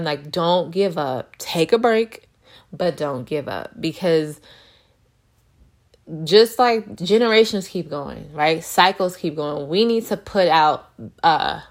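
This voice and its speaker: A woman in her thirties giving an earnest, encouraging faith talk to her viewers, acting out little quotes as she goes. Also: on the low side. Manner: earnest, animated, acts out quotes. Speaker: christian vlogger.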